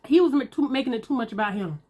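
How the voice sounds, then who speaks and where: A woman's voice: on the high side, animated, fast talker, mellow. Chatty woman eating on camera. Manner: chatty, talks to viewers as y'all, Southern US slang. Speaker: mukbang vlogger. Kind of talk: casual chat while eating.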